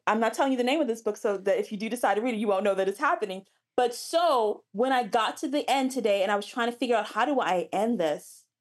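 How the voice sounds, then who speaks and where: A woman romance author as an interview guest, chatting animatedly with frequent restarts. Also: on the high side. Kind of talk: casual interview chat.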